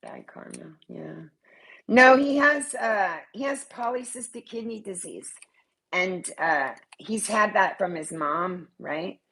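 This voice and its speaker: An older woman talks straight to her viewers in a blunt, profane, rambling way. Her voice is gravelly and a little husky, sitting at a middle pitch. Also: lively intonation, takes it slowly, fairly bright tone, poor audio. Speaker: vlogger. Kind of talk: casual chat to camera.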